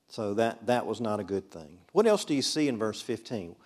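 A man leads a Bible study, his voice sitting at an everyday middle pitch. He talks in a loose, conversational way and keeps turning to the class with questions. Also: animated, normal speed, hardly any pauses, darkish tone. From Mississippi, USA. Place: classroom with a board.

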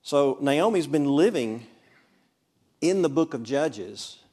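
A man's voice: fairly high pitch, expressive, takes it slowly, mellow. A man from Mississippi, teaching a Bible study in a classroom in a chatty, conversational way and often putting questions to his class. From Mississippi, USA. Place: classroom with a board.

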